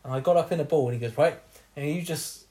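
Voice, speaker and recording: A man's voice: on the high side, fast talker, warm tone. A young man telling a bawdy story on a casual podcast, laughing often as he acts out what people said.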